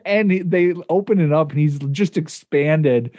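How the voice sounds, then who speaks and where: A man's voice: on the high side, unhurried, a little mellow, no echo, clean studio sound. A man in his thirties co-hosting a casual movie chat, rambling and self-deprecating. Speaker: podcast co-host.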